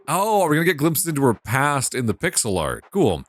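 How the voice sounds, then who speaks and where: A young man giving casual let's play commentary, excitable and swearing with loud outbursts. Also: medium pitch, a little fast, few pauses, slight background noise. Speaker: gaming commentator.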